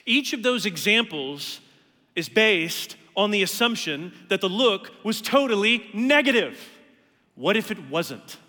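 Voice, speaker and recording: Bright-voiced man preaching in a hall. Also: high voice, very animated, a little slow. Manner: earnest preaching, rising emphatically on key words. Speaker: pastor. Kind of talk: sermon.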